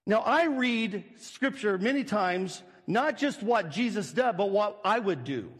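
A man's voice: sits high, animated, unhurried, fairly bright tone, big-room sound. A male pastor preaching a sermon, walking through a scripture passage with rhetorical questions and acted-out scenes.

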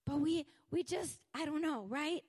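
A woman's voice: high voice, darkish tone. Fervent woman preaching a sermon. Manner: fervent, emphatic, slows down to stress words.

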